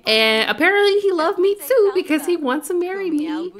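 A woman's voice: very high voice, lively intonation, normal speed, voice pushed up. A woman voicing a sassy, dramatic young woman in a life-sim game, talking in an exaggerated way. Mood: giddy.

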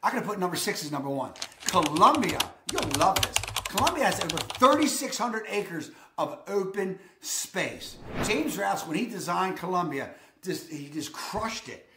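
High-voiced, enthusiastic man. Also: very animated, normal speed, hardly any pauses, roomy sound, noisy background. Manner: enthusiastic, emphatic, repeats "I'm telling you". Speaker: real estate video host. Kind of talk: energetic real estate vlog.

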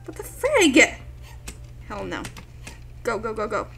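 A young woman giving let's play commentary as host, excitable and yelping at the game. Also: fairly high pitch, slow pace, creaky, breathy edge. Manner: excitable, yelps and shouts at the game. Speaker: gaming video host.

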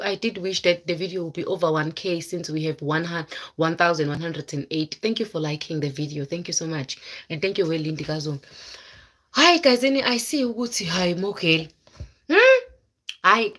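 Her voice is lowish, a bit bright and breathy as she chats casually with her live audience. The woman vlogger spins her story dramatically, exclaiming often and mixing in local vocabulary.

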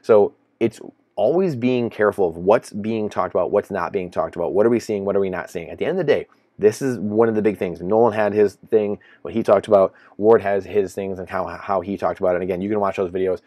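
A low-pitched man talks in a loose, rambling commentary, circling back to the same phrases with an incredulous edge. The sound is dry and close, with no room around his voice. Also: brisk, warm tone, dry recording. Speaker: finance commentator. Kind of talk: casual solo commentary.

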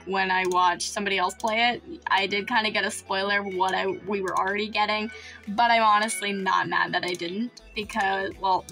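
A woman's voice: medium pitch, bright, forceful tone. A woman hosting a let's-play gaming video, gushing over the game with frequent gasps, squeals and laughs. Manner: playful, breaks into laughs. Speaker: gaming channel host. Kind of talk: excited let's-play commentary.

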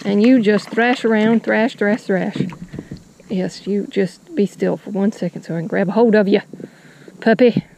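A woman's voice: mid-range voice, normal speed, creaky, darkish tone, slight background noise, rough recording. Chatty woman fishing outdoors. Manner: chatty, talks to the fish and viewers with folksy phrases. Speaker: fishing vlogger. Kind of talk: casual narration while fishing. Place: outdoors on a kayak on the water.

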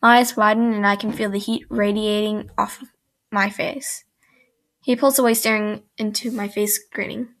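A young woman reading a fan fiction aloud in first person, halting and restarting mid-sentence, and breaking off for chatty asides. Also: mid-range voice, fairly even intonation, fairly bright tone. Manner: breaks off for chatty, giggly comments.

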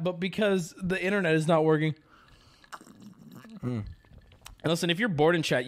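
A man hosting a live stream, venting at his viewers with swearing and sarcasm. His voice sits fairly high and leaps all over the place. He keeps wandering off into rambling stories. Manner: profane, ranting and sarcastic, trails into rambling stories. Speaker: livestream host. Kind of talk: casual rambling chat to a live audience.

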